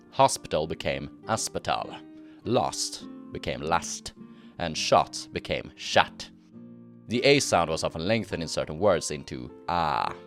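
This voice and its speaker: Male narrator, Scandinavian accent, extremely low voice, measured explanatory read over faint guitar music. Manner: measured and explanatory, slows down to pronounce example words. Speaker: history video narrator. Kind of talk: scripted documentary narration.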